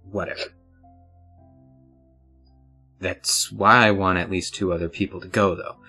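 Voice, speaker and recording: A man's voice: deep voice, fairly even intonation, measured pace, sharp tone, breathy edge, faint music behind, full character voice. A man voicing a serious woman gang leader who gives orders in a businesslike way, with hesitant restarts.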